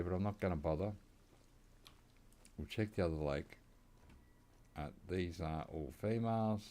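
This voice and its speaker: An Australian man streaming from home, giving laid-back, rambling gameplay commentary and chuckling often. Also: low-pitched. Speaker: game streamer.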